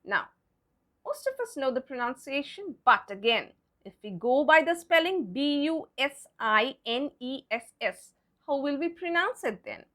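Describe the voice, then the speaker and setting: Woman English teacher, adult, bright high voice that swings widely, patient and emphatic pronunciation drills. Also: big pitch swings, a little slow. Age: adult with a son. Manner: spells words out letter by letter and models pronunciations with emphasis. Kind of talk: pronunciation lesson.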